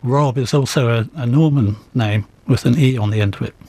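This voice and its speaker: A man, an author and guest, telling stories in an interview in a measured, thoughtful, gently wry way. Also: mid-range voice, husky, no room sound. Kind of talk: interview storytelling.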